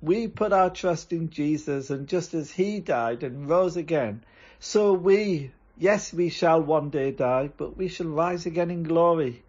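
A man's voice: a little high, unhurried, a little mellow, husky, muffled recording. A man leading a church service and preaching in an earnest, emphatic way. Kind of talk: sermon.

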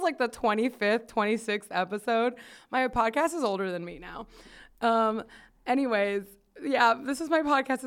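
A woman's voice: a little high, clear, resonant tone. A young woman hosting a podcast, chatting casually, giggly and rambling. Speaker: podcast host. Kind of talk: casual chat.

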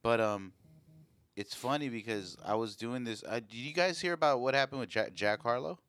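A man co-hosting a podcast, telling stories in a relaxed way with casual swearing. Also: mid-range voice, moderate pace, smooth, no echo. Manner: laid-back storytelling, swears casually. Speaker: podcast co-host. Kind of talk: casual chat. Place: away from home on a work trip.

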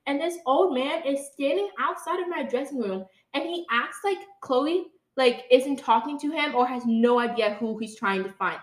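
Her voice sits high, moves at normal speed, and barely pauses. She's a young adult podcast co-host telling a casual, chatty story full of "like," speaking directly to listeners as "guys," recorded with roomy sound on a distant mic.

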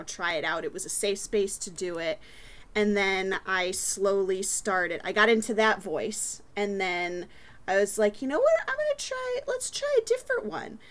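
A woman talking casually on a tabletop gaming panel, earnest and chatty, with frequent fillers and restarts. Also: mid-range voice. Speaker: podcast guest, tabletop player.

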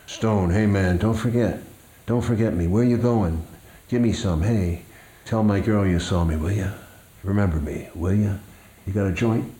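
A man's voice: fairly low pitch, moderate pace, mellow, reverberant, natural voice. An older man voicing the ghosts of dead young soldiers, pleading and begging.

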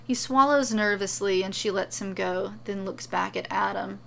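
A woman reads a serialized story with steady, even narration. Her voice has a gravelly texture. A faint background hiss runs under the recording. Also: mid-range voice, normal speed.

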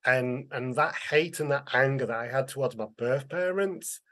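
A man's voice: mid-range voice, moderate pace, fairly bright tone. Earnest man. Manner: earnest, emotional, acts out quoted voices. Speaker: interview guest, author. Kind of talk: candid conversational storytelling.

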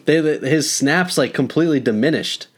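A man's voice: fairly high pitch, normal speed. A young man co-hosting a podcast, chatting casually about football with opinionated takes and frequent laughs. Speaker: podcast co-host. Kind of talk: casual sports chat.

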